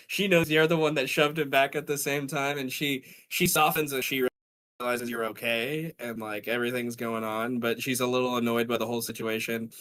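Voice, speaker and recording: A man with a medium-pitched, fairly bright voice narrates a tabletop role-playing game as game master. He rambles, using many fillers and restarting often.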